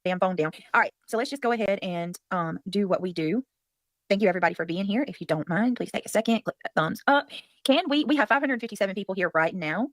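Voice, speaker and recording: A woman's voice: medium pitch, expressive, quick pace, no room sound. A woman with a Southern US accent hosting a casual livestream, rambling and chatty as she thanks viewers and curses now and then. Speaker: livestream host.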